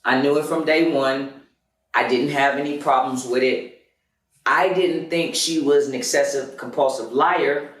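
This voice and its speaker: A man hosting a podcast, telling a personal story in a loud, emphatic and profane way. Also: mid-range voice. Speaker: podcast host. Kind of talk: confessional storytelling monologue. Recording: roomy, distant mic.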